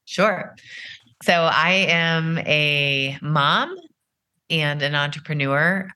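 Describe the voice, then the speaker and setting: Low-voiced, bright middle-aged businesswoman. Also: clear, resonant tone. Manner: measured, explanatory, with frequent "uh" and "you know". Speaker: company founder and CEO. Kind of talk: podcast interview answers.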